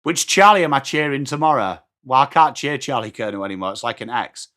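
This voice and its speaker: Bright-voiced English man chatting live. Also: medium pitch, lively intonation, brisk. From England. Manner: chatty, reads and answers viewer comments between calls of play. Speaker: watchalong host. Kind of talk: live stream chat.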